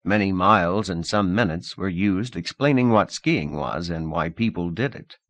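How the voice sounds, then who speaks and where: A man narrating a novel in a measured, expressive audiobook reading. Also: sits low, no room sound.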